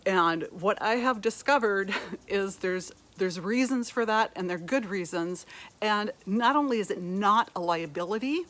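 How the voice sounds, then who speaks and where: A woman's voice: medium pitch, a little slow. A middle-aged woman, an energy healer and spiritual life coach, talking earnestly and reflectively in a spiritual energy update. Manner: earnest, reflective, with fillers and soft laughs.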